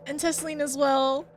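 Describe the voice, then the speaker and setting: A woman voicing an earnest, composed teenage girl, reading game lines in a calm, gently formal way. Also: high-pitched, pitched above the performer's own voice.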